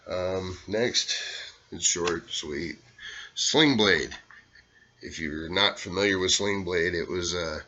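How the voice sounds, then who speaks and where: A man's voice: low voice, slow pace, sharp tone, dull audio. A middle-aged man from Arkansas with a Southern accent, rambling casually to camera with lots of fillers. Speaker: vlogger doing impressions.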